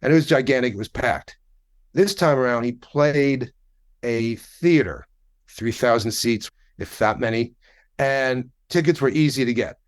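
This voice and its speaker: A man's voice: mid-range voice, unhurried. A man in his sixties, a podcast guest, telling a story in a wry, conversational way and swearing now and then. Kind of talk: casual anecdotal storytelling.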